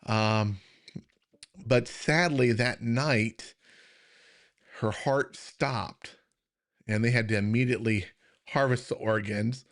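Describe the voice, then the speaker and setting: A man's voice: medium pitch, fairly even intonation, takes it slowly, long pauses, a bit bright. A middle-aged American man hosting a live Q&A stream as a health coach, talking earnestly in a loose, conversational way with many fillers and restarts, and struggling to hold back emotion. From United States. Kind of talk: casual live-stream chat.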